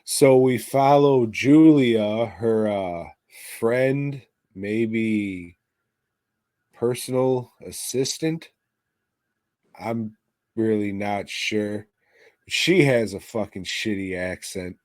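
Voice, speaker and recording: A man's voice: lowish voice, drawn-out words, a little mellow, no echo. A man co-hosting a podcast, reviewing a movie in casual chat with crude, sarcastic, swear-heavy remarks. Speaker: podcast co-host. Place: podcast studio.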